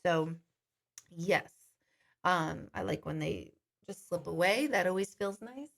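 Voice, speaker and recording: A woman's voice: lowish voice, animated, slow, gravelly, a bit bright. A woman hosting a live-stream question and answer session as a psychic medium, chatting casually and reading viewer comments aloud.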